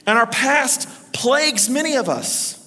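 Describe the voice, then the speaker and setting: Bright high-voiced preacher in a big hall. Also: male voice, lively intonation. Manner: emphatic, storytelling, with dramatic pauses and voiced quotes. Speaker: pastor. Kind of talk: sermon. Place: church. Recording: reverberant church hall.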